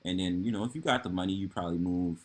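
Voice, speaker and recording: A man with a New York accent hosting a loose, slangy online panel chat, quick to agree and laugh. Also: deep voice. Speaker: host.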